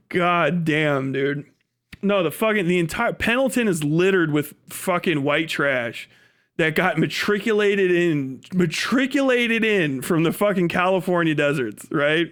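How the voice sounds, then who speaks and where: A man streaming live, ranting in a profane, fast-talking way. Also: high-pitched, fairly bright tone. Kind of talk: casual livestream rant.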